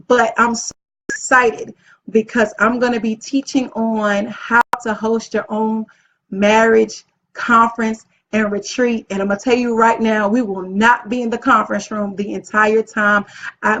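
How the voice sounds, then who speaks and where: A woman hosting a casual live video as an event planner, upbeat and chatty, often gushing about how excited she is. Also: fairly high pitch. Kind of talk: casual live-stream talk. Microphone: phone or webcam live stream. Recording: dull lo-fi live-stream audio.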